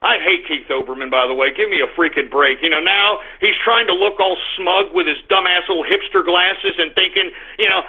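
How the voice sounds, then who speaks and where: Brief: male streamer-host, crude and belligerent, erupts into shouting tirades, high voice, phone-thin audio. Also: a little fast, few pauses, husky, phone-quality sound. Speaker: internet radio host. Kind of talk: live streamed radio rant.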